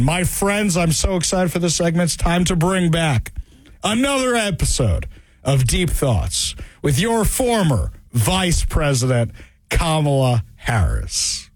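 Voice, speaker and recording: A man's voice: a little high, sing-song, slow pace, no room sound. A man hosting a political talk radio show, sarcastic and mocking in his commentary.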